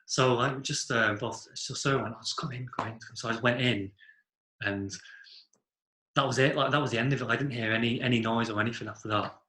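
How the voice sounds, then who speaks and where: The recording has a roomy echo as a young adult man chats casually with friends, telling a meandering story loaded with "like" and casual swearing. His mid-range voice is fairly quick, bright, and forceful, with a steady tone.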